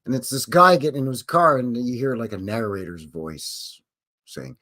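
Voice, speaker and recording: A man's voice: mid-range voice, normal speed, pushed and bright. A man hosting a casual livestream, rambling and joking as he acts out little voices. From Canada. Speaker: livestream host.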